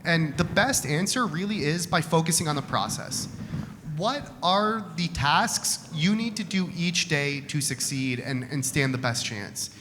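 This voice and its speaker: Bright-voiced man talking in a hall. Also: fairly high pitch, lively intonation, unhurried. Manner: candid, conversational, repeats words when restarting. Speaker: trading speaker answering audience questions. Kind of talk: live Q&A talk. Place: event hall. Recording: hall reverb with faint room noise.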